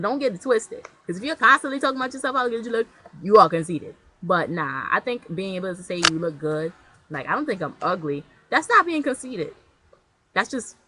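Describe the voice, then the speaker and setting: A woman's voice: medium pitch, bright, forceful tone, slightly rough, rough recording. A young woman vlogging to her camera in casual chat, blunt and slangy, rambling with restarts.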